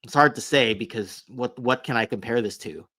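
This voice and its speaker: A man's voice: mid-range voice, moderate pace, bright, forceful tone, no echo. A man appearing as a guest on a casual podcast, weighing his points thoughtfully and often ending with "right?". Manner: reflective, checks agreement with "right?". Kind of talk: casual chat.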